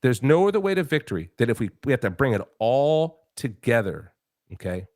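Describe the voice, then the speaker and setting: Emphatic talk show host. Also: male voice, mid-range voice, very animated, brisk, darkish tone, no echo, studio quality. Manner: emphatic, preachy, many restarts and rhetorical questions. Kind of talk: political talk show chat.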